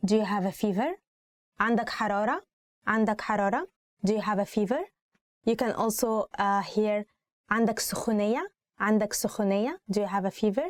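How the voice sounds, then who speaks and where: A woman's voice: mid-range voice, fast, no echo, studio quality. A woman with an Egyptian accent teaching everyday phrases in a casual lesson, repeating each one and then explaining it with plenty of fillers. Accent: Egyptian Arabic. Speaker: language teacher.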